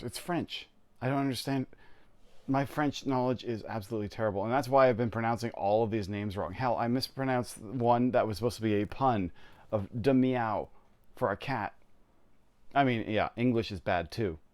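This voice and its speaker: A man's voice: mid-range voice, moderate pace, darkish tone. A man from Canada streaming a game, chatting casually, laughing often and poking fun at himself. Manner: chatty, laughing, self-deprecating. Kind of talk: casual gameplay chat.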